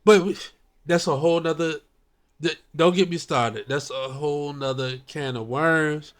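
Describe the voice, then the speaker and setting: A man hosting a casual chat, answering in slow, laid-back, slangy remarks. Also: a little high.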